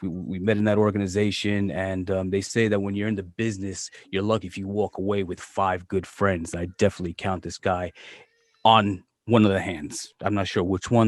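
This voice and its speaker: A man's voice: deep voice, dry recording, studio quality. Profane, loose-talking man hosting a podcast. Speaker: podcast host. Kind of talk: casual chat.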